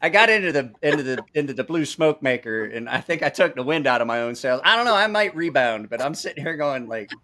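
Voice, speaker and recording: A man's voice: medium pitch, lively intonation, fast, few pauses, sharp tone. A middle-aged man hosting a casual live chat, telling salty stories and acting out quotes. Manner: swearing storyteller, acts out quotes. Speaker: host.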